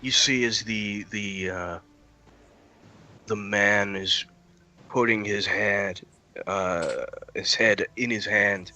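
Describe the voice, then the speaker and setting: A man narrating a tabletop game as game master, halting and searching for words. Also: fairly low pitch, fairly even intonation, sharp tone, slight background noise.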